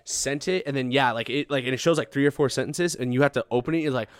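A man's voice: mid-range voice, fast talker, clean tone, no echo. A young man telling a long story in casual podcast chat, swearing freely and acting out how he reacted back then. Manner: swears often, acts out his own past reactions.

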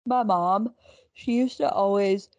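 Woman podcast co-host, 20s: blunt, dry humor, fry in the voice, close dead-dry mic. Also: medium pitch, slow, a little mellow, dry recording. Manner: dry, blunt, casually swearing. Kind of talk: casual comedic chat.

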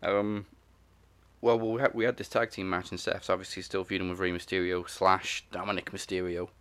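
A man co-hosting a wrestling podcast in casual chat, with a gravelly voice and dry, wry remarks. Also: low-pitched, flat delivery, moderate pace, a bit bright.

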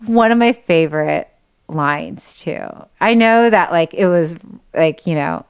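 A woman's voice: lowish voice, unhurried, smooth. A woman in her thirties from Southern California, co-hosting a podcast in casual chat, telling stories with lots of laughter. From Orange County, California. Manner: giggly, animated storyteller. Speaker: podcast co-host.

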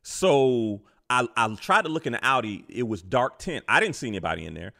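A man hosting a casual podcast chat, telling stories in an animated way and swearing freely. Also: medium pitch, fairly quick, vocal fry. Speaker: podcast host.

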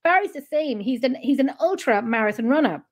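Chatty Irish woman, fairly high voice. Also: fairly quick. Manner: chatty storyteller, animated retelling. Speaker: host. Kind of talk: casual chat.

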